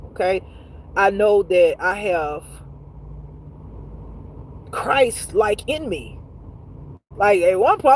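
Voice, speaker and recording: A woman who teaches intuitive spirituality tells stories on a casual livestream, cursing and laughing a lot as she speaks directly to viewers and reads their comments aloud. Her voice is medium-pitched, and the poor audio carries a little hiss or hum.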